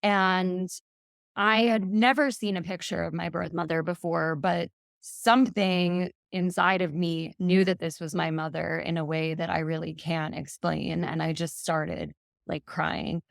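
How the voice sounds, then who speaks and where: Low-voiced woman telling her story. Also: steady tone, unhurried, vocal fry, no room sound, studio quality. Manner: earnest, reflective retelling, quoting messages aloud. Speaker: podcast guest. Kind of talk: personal storytelling.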